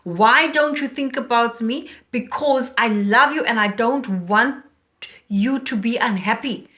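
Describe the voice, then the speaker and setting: Slow, deliberate woman teaching poetry. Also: fairly high pitch, fairly bright tone. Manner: slow and deliberate, reading lines aloud with emphasis. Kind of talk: poetry lesson.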